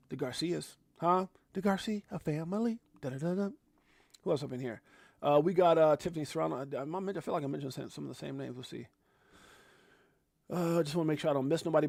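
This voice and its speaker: A man hosting a casual live stream, hyped and effusive, giving one shout-out after another to people watching. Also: on the high side, no room sound, clean studio sound. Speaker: livestream host. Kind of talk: casual live-stream chat reading out viewer names.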